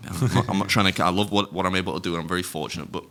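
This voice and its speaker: This middle-aged man co-hosts a podcast and races through rambling, casual anecdotes loaded with swearing and laughter. His voice is deep and steady, a bit bright, with vocal fry.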